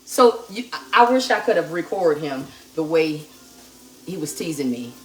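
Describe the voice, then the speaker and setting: A woman hosting a live cooking demonstration, calm and chatty as she talks straight to her viewers. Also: deep voice, moderate pace. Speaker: cooking show host. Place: home kitchen. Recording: echoey kitchen with sizzling pan noise. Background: frying and sizzling from the pan.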